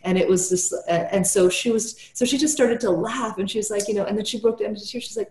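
A woman's voice: mid-range voice, quick pace, hardly any pauses, dark tone, echoey room, a little hiss or hum. A woman therapist telling a client story in casual podcast talk, tagging nearly every sentence with "right?" and "you know".

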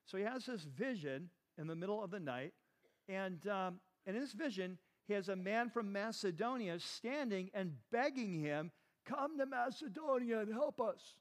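In a Bible class, a pastor preaches conversationally in an expressive voice that sits high, keeping a moderate pace. He keeps asking his listeners questions and leans on the words "like" and "right."

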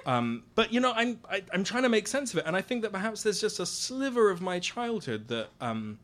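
A man's voice: high-pitched, big pitch swings, a little fast, fairly bright tone. A man telling a wry, self-mocking personal story on stage. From Britain.

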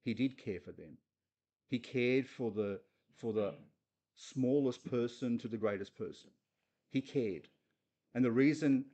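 An earnest man preaching in a conversational way, often turning to his listeners with direct questions. His voice sits at an everyday middle pitch. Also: warm tone, lo-fi sound. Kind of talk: conversational sermon on a Bible passage.

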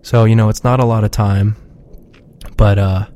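A man's voice: lowish voice, level tone, normal speed, dark tone. A man chatting casually on a podcast he is a regular of, rambling and swearing freely in a laid-back way.

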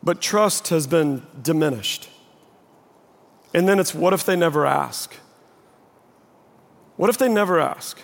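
A male pastor in his forties preaching a sermon, animated in his storytelling, acting out what people say, then praying in a soft, low voice. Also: unhurried, vocal fry, long pauses. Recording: long reverb from a large hall.

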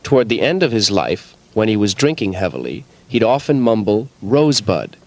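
A man's voice: lowish voice, sing-song, normal speed, a little mellow. A man telling a matter-of-fact anecdote during an improvised radio comedy. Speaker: comedy troupe member.

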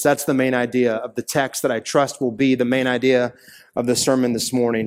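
A man's voice: mid-range voice, flat delivery, brisk. Man preaching in a reverberant hall. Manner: earnest preaching with rising emphatic peaks. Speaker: pastor. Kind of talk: sermon. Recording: long reverb of a large hall.

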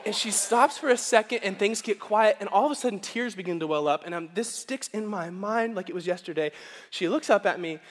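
Man, pastor, high voice, animated sermon storytelling, long hall reverb. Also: brisk. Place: church sanctuary.

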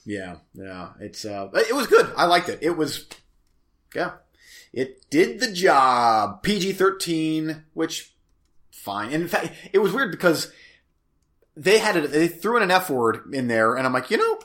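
Summing up plots and giving his takes, a podcast co-host talks through a casual movie review, hesitant and rambling with lots of restarts. He speaks with a fairly high, very animated, fairly bright voice at an unhurried pace.

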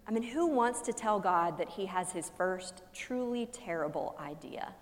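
A woman pastor delivering a sermon as a humorous story, with dramatic pauses and shifts between loud emphasis and hushed soft lines. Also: mid-range voice, animated. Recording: long reverb of a large hall.

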